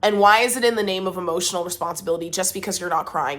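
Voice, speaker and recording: A woman's voice: lowish voice, racing. Exasperated woman venting to camera. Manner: emphatic, exasperated, lively. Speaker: vlogger. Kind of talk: casual talk to camera.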